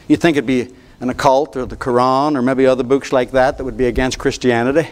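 A man's voice: medium pitch, level tone, a little fast. An older man preaching a sermon from a church pulpit, folksy and fired up, repeating words and going into chatty asides. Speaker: pastor.

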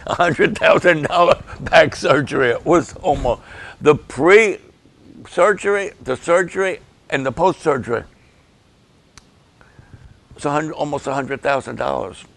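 An older man, a pastor, giving an emotional, halting update and prayers for his ministry partners. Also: a little high, lively intonation, fairly bright tone. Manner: emotional, halting, slow and gravelly.

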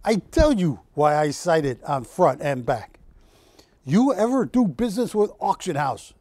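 A man's voice: high voice, expressive, normal speed, dark tone, no echo, voice pushed up. A man putting on the voice of a proud immigrant painter who speaks in clipped broken English. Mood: blunt. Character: proud older male immigrant painter, blunt.

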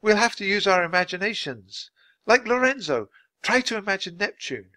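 Man voicing a young girl, bold, eager, high excited calls. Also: moderate pace, full character voice. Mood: excited shouting. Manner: excited, calling out loudly.

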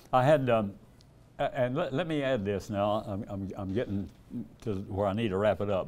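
Speaking in a fairly low, slightly mellow voice, an older evangelist spins homespun stories during his sermon. He raises his voice to act out the dialogue and chuckles frequently.

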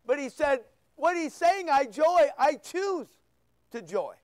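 A male pastor preaching a sermon, firing rhetorical questions and sharp asides at his congregation. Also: extremely high pitch, sing-song, takes it slowly, no echo. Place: church.

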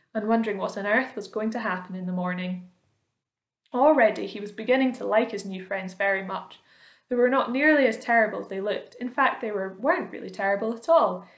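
A woman reading a children's book aloud, pausing to ask her young listeners questions. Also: mid-range voice. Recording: roomy echo.

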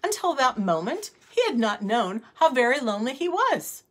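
A woman reading a children's storybook aloud in a measured, expressive way. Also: high-pitched.

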